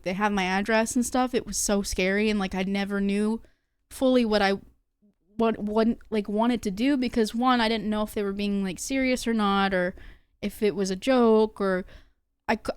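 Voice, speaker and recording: A woman's voice: mid-range voice, fairly even intonation, normal speed, clear, resonant tone, dry recording. A young woman streamer talking casually to her chat, rambling with lots of fillers and restarts. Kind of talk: casual livestream talk to chat.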